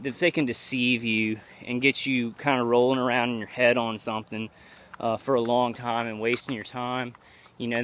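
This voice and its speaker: Halting man vlogging on a night walk. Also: medium pitch, a bit bright. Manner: rambling, halting, many restarts. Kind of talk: casual walking vlog monologue. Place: outdoors at night, walking. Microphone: handheld camera.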